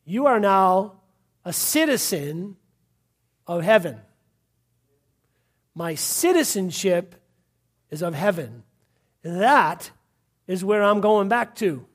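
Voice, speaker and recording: A man's voice: high-pitched, animated, slow, pauses often. A man from Massachusetts preaching a fervent sermon, repeating points and calling out hallelujahs. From Massachusetts, USA. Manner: fervent, repetitive, punctuated with hallelujahs.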